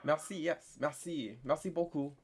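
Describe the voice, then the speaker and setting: A young man teaching a casual online French lesson, chatty and full of fillers, slowing down to spell out words. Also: fairly high pitch, slight background noise.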